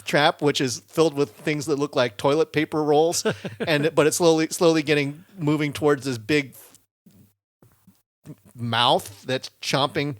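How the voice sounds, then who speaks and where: A man's voice: a little high, fairly even intonation, unhurried, dry recording, studio quality. A man hosting a podcast in casual chat, rambling with many fillers and restarts. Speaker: podcast host.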